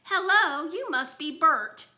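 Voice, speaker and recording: A woman's voice: high voice, expressive, slow, pushed and bright, voice pushed up, heavily acted. A woman voicing a bratty, show-off little boy in a storybook read-aloud, with a sing-song, childish way of talking. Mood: playful, silly.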